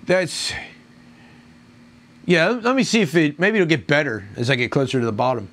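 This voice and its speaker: A man's voice: fairly high pitch, sing-song, normal speed, fairly bright tone. A man reviewing a beer on his own, rambling, groaning and complaining in crude language. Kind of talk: casual solo review.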